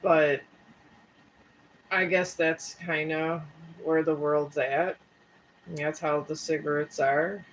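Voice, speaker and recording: A woman's voice: sits low, fairly even intonation, slow pace, pauses often, a little hiss or hum, rough recording. A woman chatting casually on a live stream, rambling and folksy, a bit tired with a sore throat. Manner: rambling and folksy, talks straight to viewers. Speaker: live streamer and tarot reader.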